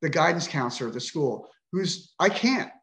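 A man's voice: a little high, expressive, moderate pace, fairly bright tone, roomy sound. A middle-aged man telling his own story on a podcast, emotional, frustrated and indignant, with frequent swearing. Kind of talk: emotional personal account.

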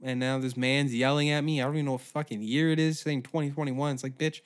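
A man's voice: medium pitch, steady tone, fast talker, few pauses. A man hosting a podcast, ranting through a sarcastic, profane comedic monologue. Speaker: podcast host.

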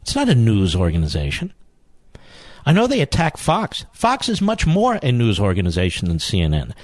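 A man's voice: medium pitch, huge pitch swings, normal speed, a little mellow, no echo. A man hosting a political talk radio show, emphatic and indignant, firing rhetorical questions.

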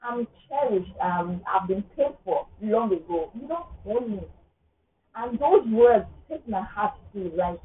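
Woman, emotional testimony, earnest, rambling, narrow phone-like audio. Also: medium pitch. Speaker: vlogger sharing a personal testimony.

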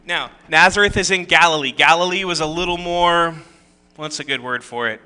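Bright-voiced man preaching a casual sermon. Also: fairly high pitch, moderate pace, clean tone. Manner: casual, joking asides and rhetorical questions. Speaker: pastor. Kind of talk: conversational sermon with scripture reading.

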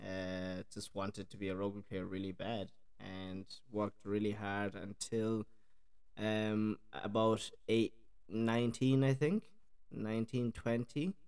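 A man's voice: fairly low pitch, steady tone, slow pace, darkish tone, smooth. A young man with a mixed Irish and South African accent, chatting casually on a podcast and laughing often. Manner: laid-back, laughs often, says "eh?". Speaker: podcast co-host.

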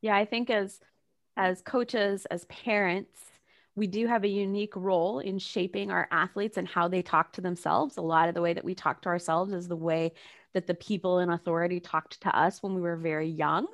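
A woman hosting a casual conversation, animated and chatty, laughing easily and leaning on "like" as a filler. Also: fairly low pitch, moderate pace. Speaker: podcast host.

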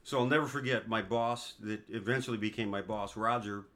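A man's voice: on the low side, fairly even intonation, a little fast, fairly bright tone. Man in his 50s telling stories. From East Coast of the United States. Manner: leisurely anecdotal storyteller who acts out others' lines. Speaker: guest, father of the host. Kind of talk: casual storytelling chat.

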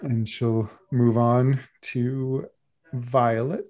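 Man, game master, tabletop narration, unhurried, warm mellow voice. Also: mid-range voice, little pitch movement. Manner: easygoing, descriptive.

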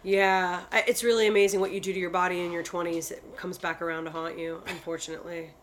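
A woman's voice: lowish voice, little pitch movement, fast talker, slight background noise. A woman co-hosting a casual chat, talking in a rambling way and swearing offhandedly.

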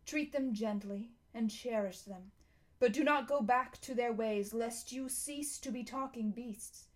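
A woman reading a storybook aloud and voicing a majestic, kindly male lion king, speaking slowly and solemnly. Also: fairly high pitch. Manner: slow, solemn, measured delivery.

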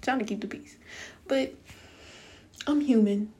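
A woman's voice: fairly high pitch, measured pace, background noise. A young woman telling viewers a story in a casual storytime rant, blunt, profane and exasperated. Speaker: vlogger.

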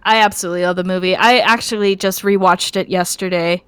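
A woman's voice: lowish voice, steady tone, quick pace, clear, resonant tone, dry recording. A woman reviewing a movie in casual chat, talking with many fillers and restarts. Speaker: podcast co-host.

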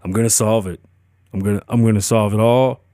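A man putting on the voice of a stern, blunt middle-aged bounty hunter who talks loudly and deep for effect. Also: steady tone, a little fast, no room sound, natural voice. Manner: loud, blunt and dry.

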